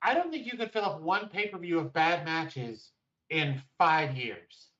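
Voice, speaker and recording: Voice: medium pitch, animated, unhurried, fairly bright tone, far from the mic. Opinionated co-host on dull audio. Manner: emphatic, opinionated, firm. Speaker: podcast co-host. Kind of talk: casual wrestling chat.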